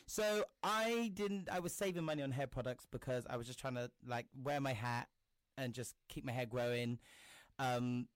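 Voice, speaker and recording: A man's voice: medium pitch, moderate pace, clear, resonant tone. A young man telling a story in casual chat, acting out the people he quotes and swearing freely. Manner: animated, acts out quoted voices, swears.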